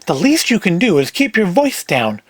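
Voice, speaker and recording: A man's voice: high-pitched, wildly swooping pitch, normal speed, no echo, full character voice. A man voicing a small, nervous male gambling fixer from New York in a cold-read of a script; he pleads in a jittery, wordy way. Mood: pleading.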